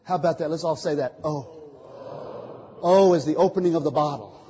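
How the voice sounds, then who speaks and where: A man preaching a sermon, calling out questions for the congregation to answer and swinging from quiet asides to loud declarations. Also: on the high side, a little fast, a little hiss or hum. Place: church meeting hall. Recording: muffled, echoey hall recording.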